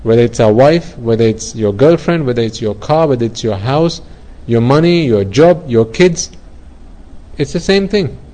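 Guy giving a buddhist talk, mellow warm voice, earnest, keeps repeating himself while he explains. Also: medium pitch, expressive, normal speed, rough recording. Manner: earnest, repetitive, explaining with everyday examples. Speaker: Buddhist teacher. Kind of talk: dharma talk.

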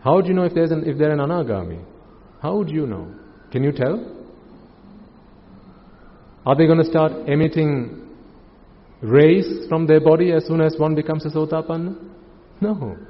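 Buddhist monk preaching, echoing hall. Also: male voice, fairly high pitch, moderate pace, long pauses. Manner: calm, questioning, uses rhetorical questions. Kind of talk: sermon. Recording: muffled, with long hall reverb.

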